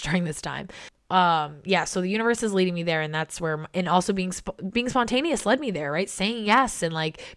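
A young woman hosting a casual solo podcast, chatty and excitable, swearing freely and filling her talk with "like". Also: fairly low pitch. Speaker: podcast host.

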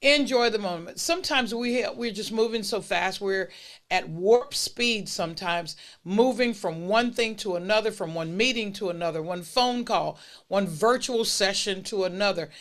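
A podcast host speaks straight to listeners with warm encouragement. The host sets out advice as numbered points at a steady, unhurried pace and repeats each key phrase to drive it home. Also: medium pitch. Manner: steady, unhurried delivery with list-style points. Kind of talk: motivational holiday message to listeners.

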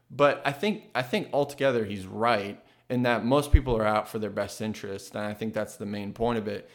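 An earnest man in an ordinary middle register shares his thoughts in a casual, reflective monologue. He thinks aloud and often restarts his sentences. He grows lively when he tells a story. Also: medium pitch.

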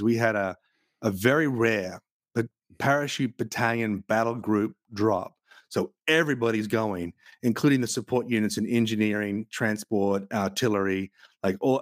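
A man's voice: fairly low pitch, no room sound, studio quality. A man hosting a podcast, telling vivid anecdotes in casual chat with some swearing. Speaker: podcast host.

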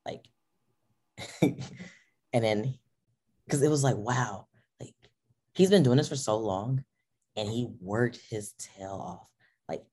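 She has a very deep, dark voice. As a powerlifter appearing on a podcast, this young adult woman talks casually and with animation, performing her own lines and laughing a lot.

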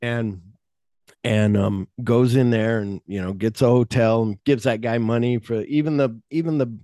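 A podcast host with a mid-range, warm voice casually retells movie scenes, acting out the lines he quotes. His intonation stays fairly even and his pace moderate, recorded in clean studio sound with no room echo.

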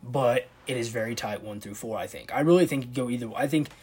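A man's voice: mid-range voice, fast, a little mellow, slightly rough. A man hosting a casual sports video, commenting on a football draft, thinking aloud and reacting with disbelief.

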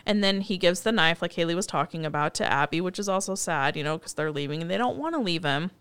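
A woman's voice: fairly low pitch, fast talker, clear, resonant tone, no echo. A woman co-hosting a casual chat, animatedly retelling scenes and quoting the characters. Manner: chatty, animated retelling with quoted lines. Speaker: podcast co-host. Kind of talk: casual chat recapping a TV movie.

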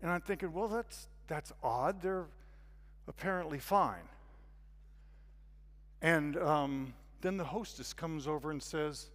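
A man giving a guest sermon as a story, acting out the scenes with sudden loud, excited bursts. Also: fairly high pitch, unhurried, long reverb tail. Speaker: guest speaker.

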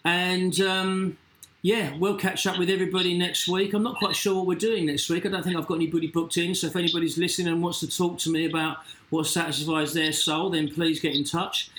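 A man hosts a relaxed interview in a slightly higher voice. He talks haltingly and restarts his sentences often. The room sounds echoey. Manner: hesitant, many ums and restarts. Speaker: host. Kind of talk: casual interview chat.

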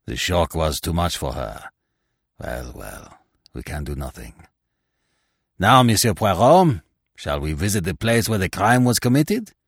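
A man's voice: low-pitched, very animated, unhurried, slightly rough, no room sound, studio quality, exaggerated voice. A man reading aloud, voicing a weary, resigned police commissary who murmurs. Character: weary, sympathetic older male police commissary.

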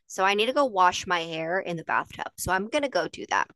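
A woman's voice: on the low side, animated, fairly quick, a bit bright, no room sound. A woman co-hosting a podcast in casual chat, playful and affectionate toward listeners. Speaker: podcast co-host.

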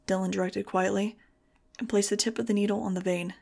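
A woman narrating an audiobook in the first person. Her reading is measured and keeps a flat, even pitch. Her voice sits mid-range. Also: vocal fry.

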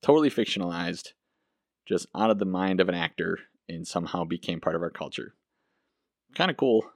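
A man talking through a solo history podcast in a chatty, enthusiastic way, poking fun at himself now and then. His voice is low and the sound is dry, with no room echo. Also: animated, fairly quick. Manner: chatty and enthusiastic, self-deprecating. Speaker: podcast host.

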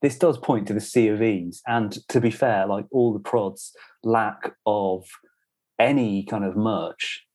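Man, young adult, low voice, casual podcast banter, rambling. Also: steady tone, unhurried, a little mellow. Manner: rambling, filler-heavy banter. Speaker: podcast co-host. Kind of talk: casual chat.

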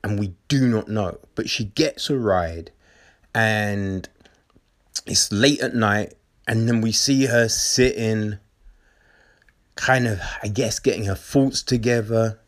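A man reviewing a film in a casual, animated way, often checking in with "right?" and repeating phrases for emphasis. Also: on the low side, slow. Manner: animated retelling with frequent "right?" and "like".

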